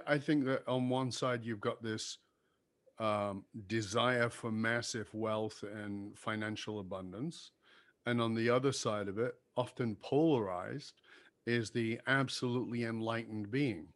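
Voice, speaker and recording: A man's voice: mid-range voice, dry recording. A man talking as a guest, telling personal stories candidly and with emphatic, earnest delivery. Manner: earnest, emphatic, acts out dialogue.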